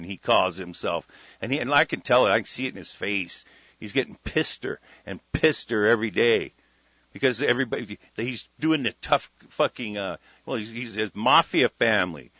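A man hosting a solo talk radio show, ranting with heavy profanity, dropping from muttered asides to loud declarations. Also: fairly low pitch, expressive, moderate pace, no echo. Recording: lo-fi radio broadcast sound.

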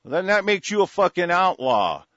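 Angry guy ranting and cursing, higher voice, muffled dry sound. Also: very animated, normal speed, bright, forceful tone, no echo. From United States. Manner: angry, profane, repetitive with frequent restarts. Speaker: political commentator. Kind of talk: ranting monologue to an audience.

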